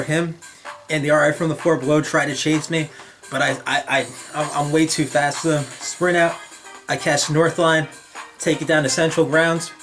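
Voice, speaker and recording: A man's voice: on the high side, a bit bright. Young jersey guy rambling a story to camera, trips over his words, laughs at himself, faint music behind. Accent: New Jersey. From northern New Jersey. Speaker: vlogger.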